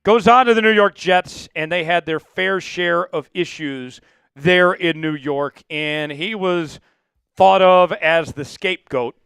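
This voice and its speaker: A man hosting a live sports talk show, speaking to viewers with an energetic, hyped delivery. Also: high-pitched, unhurried, vocal fry, smooth, no echo. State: voice cracking, coughing fits.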